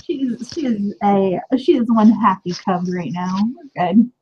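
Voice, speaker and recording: A woman's voice: mid-range voice, measured pace, dark tone, highs cut off, a little hiss or hum. A woman narrating her character in a tabletop game, often hesitating and repeating words. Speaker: tabletop player. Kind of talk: casual role-play narration.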